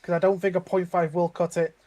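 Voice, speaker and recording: A man's voice: high-pitched, little pitch movement, brisk, dark tone. A man co-commentating an online racing league, chatting and predicting lap times with frequent restarts. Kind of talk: casual race analysis and banter.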